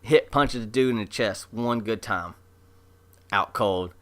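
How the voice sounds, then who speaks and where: Low-voiced man, forceful and chatty, excited fan recap with lots of fillers. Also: a little slow. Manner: chatty, animated retelling with many fillers. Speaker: anime episode reviewer. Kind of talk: casual excited episode recap.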